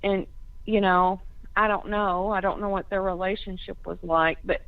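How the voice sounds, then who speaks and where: A woman's voice: mid-range voice, steady tone, normal speed, smooth, no room sound. A woman on a conference call, thinking aloud in a hesitant way with many restarts. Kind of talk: casual discussion on a call. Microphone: phone. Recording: tinny phone line.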